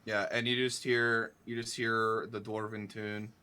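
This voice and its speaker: A man playing a tabletop game, joking crudely and casually with the table in an unhurried way. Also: lowish voice, level tone, bright, forceful tone, smooth. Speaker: player. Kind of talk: casual tabletop role-play chat.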